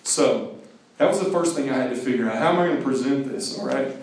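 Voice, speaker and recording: A middle-aged man from Mississippi giving a lively, joking talk to teenagers, acting out movie scenes. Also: medium pitch, fast talker, gravelly. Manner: animated, jokey, acts out movie scenes and sings snatches. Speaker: speaker to a teen group. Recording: echoey hall from far off.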